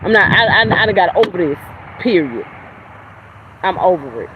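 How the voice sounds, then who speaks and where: A woman hosts a livestream from outside by a road, her voice set against clear traffic noise. She rants in a heated, profane, confrontational way. Her delivery lurches between loud outbursts and quiet mutters. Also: fairly low pitch, sing-song, moderate pace, highs cut off. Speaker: livestream host. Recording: outdoor traffic noise behind voice.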